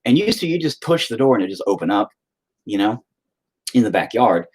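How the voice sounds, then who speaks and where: A man's voice: lowish voice, sing-song, a little fast, a little mellow, breathy edge. A man telling a rambling, profane story in a casual chat with his viewers. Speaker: streamer.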